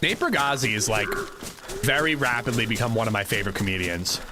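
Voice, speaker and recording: A man's voice: fairly low pitch, brisk. A young man streaming a survival game, chatting casually with viewers and reading their messages aloud. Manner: relaxed, chatty, reads chat aloud. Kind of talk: casual gameplay chat with viewers. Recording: noisy livestream audio.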